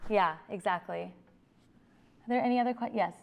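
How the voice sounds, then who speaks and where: A woman attorney giving an informal talk and taking audience questions, talking fast and restarting her sentences often. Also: medium pitch, vocal fry, dull audio. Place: public library meeting room.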